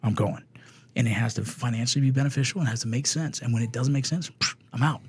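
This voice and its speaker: A middle-aged man, a former Army Ranger guest, telling stories in fast, profane, animated podcast chat. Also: medium pitch, husky, no room sound.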